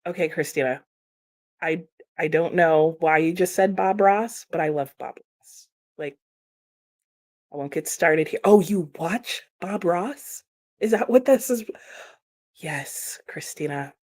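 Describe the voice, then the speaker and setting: A woman's voice: fairly low pitch, measured pace, darkish tone, dry recording, clean studio sound. Chatty young American woman streamer. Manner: chatty, laughs often, reads viewer comments aloud. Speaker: livestream host reading chat. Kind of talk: casual livestream chat.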